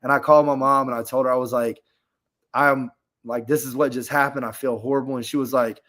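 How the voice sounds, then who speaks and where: A man in the middle of a casual story on a podcast, his pitch sitting in the middle range for a man. He rambles, leans on fillers, and speaks candidly. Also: fairly even intonation, fairly quick, a bit bright. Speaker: podcast guest.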